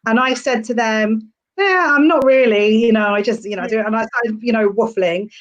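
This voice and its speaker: Young woman comic, chatty and meandering, a touch high-pitched. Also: fairly even intonation, a little fast, muffled recording. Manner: chatty, rambling with fillers. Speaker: stand-up comedian, podcast guest. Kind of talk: casual podcast chat.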